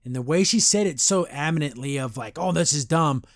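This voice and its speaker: A man's voice: on the high side, expressive, brisk, no echo, clean studio sound. A man hosting a podcast and reviewing a cartoon episode in a casual, rambling way, often acting out characters' lines in exaggerated voices. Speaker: podcast host.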